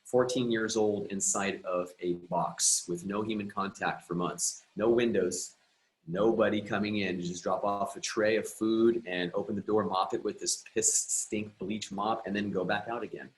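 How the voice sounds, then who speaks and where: In poor audio, a guest coach who works on emotions and relationships shares a personal story with earnest reflection. His voice is lowish with fairly even intonation at normal speed, and he often starts his sentences over.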